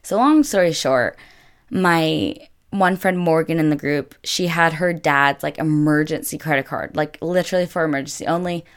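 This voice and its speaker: A young woman with a notably low-pitched voice recounts a travel mishap for her vlog. She talks casually and chattily, leaning on "like" in nearly every sentence. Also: moderate pace, clean tone. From United States. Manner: chatty, filler-heavy with constant "like". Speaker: vlogger. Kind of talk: casual storytelling.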